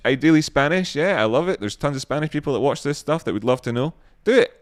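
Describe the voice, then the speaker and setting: A man's voice: on the high side, expressive, fast. A man hosting a livestream, chatting casually in a rambling, joking way and reading out viewer comments. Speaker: livestream host.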